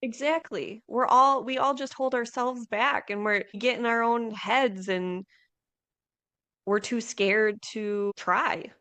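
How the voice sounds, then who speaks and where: Unhurried, candid woman farmer guest. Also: a little high. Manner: relaxed, candid, blunt. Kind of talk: casual interview chat.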